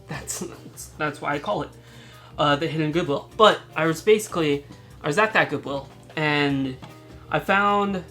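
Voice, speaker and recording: A woman's voice: low-pitched, a bit bright. A woman hosting a casual haul vlog, chatty and rambling, laughing often and restarting her words. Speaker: channel host showing thrift finds.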